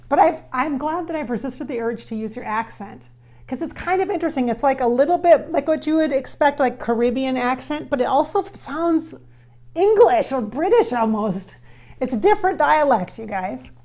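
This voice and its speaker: Earnest woman medium, slightly high voice. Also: expressive, moderate pace, darkish tone. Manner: relays spirit's words in quotes, speaks to viewers as "you guys"; earnest, repeats phrases for emphasis. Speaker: spiritual medium channeling a spirit. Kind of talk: casual channeling session addressed to viewers.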